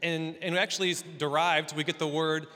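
A man's voice: on the high side, flat delivery, normal speed, pushed and bright. A man preaching a casual, playful sermon in a church hall, with joking asides. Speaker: pastor. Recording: long hall reverb.

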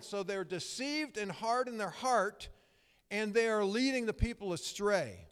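Man, middle-aged, pastor, high voice, crisp tone, long hall reverb. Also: lively intonation, unhurried, fairly bright tone. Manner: conversational, emphatic, storytelling with frequent restarts. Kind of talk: sermon.

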